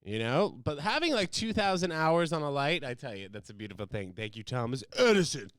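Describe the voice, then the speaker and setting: Rambling young American man, smooth voice. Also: a little high, fairly quick, no echo, clean studio sound. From United States. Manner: animated, rambling, jumps into loud silly voices. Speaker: host. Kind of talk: casual solo podcast chat.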